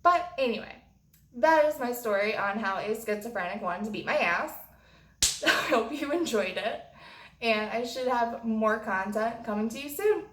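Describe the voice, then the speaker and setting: A woman's voice: on the high side, lively intonation, normal speed, fairly bright tone, a little hiss or hum. A young woman vlogger telling a dramatic storytime, swearing freely. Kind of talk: storytime vlog. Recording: echoey room.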